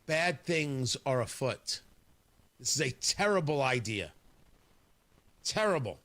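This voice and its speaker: A man's voice: mid-range voice, big pitch swings, slow pace, a bit bright. A man hosting a morning talk radio show in a studio, delivering an indignant, sarcastic monologue with emphatic jabs. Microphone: studio microphone.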